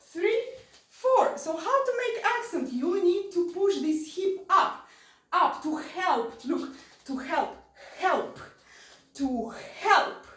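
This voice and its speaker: Dance instructor, woman, high voice, slow and deliberate, mic set back in an echoey studio. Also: far from the mic. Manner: repetitive coaching cues, counting beats. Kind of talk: online dance class instruction.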